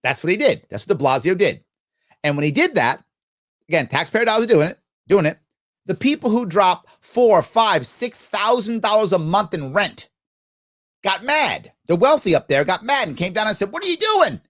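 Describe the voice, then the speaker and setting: A man's voice: high-pitched, sing-song, moderate pace. A man hosting a live stream, chatting casually and answering viewer comments. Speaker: host.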